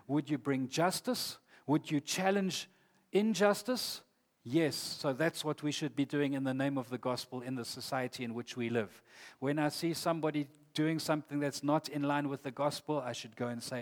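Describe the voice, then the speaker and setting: Earnest preacher man in a reverberant hall. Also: on the high side. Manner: earnest, emphatic, reads scripture aloud. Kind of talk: sermon.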